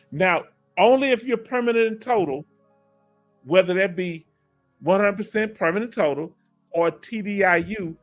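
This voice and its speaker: A man from Houston with a Texas accent, hosting a casual livestream Q&A through a headset, animated and laughing often with folksy slang. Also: a little high. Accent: Southern US, Texas. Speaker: livestream host reading chat.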